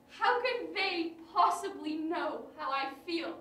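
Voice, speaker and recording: A woman playing Annie, a high-voiced grieving young woman. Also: lively intonation, slow pace, few pauses, bright, forceful tone. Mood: anguished. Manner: anguished, self-blaming, emotional. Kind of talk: amateur stage drama. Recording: roomy, distant stage recording with faint hiss.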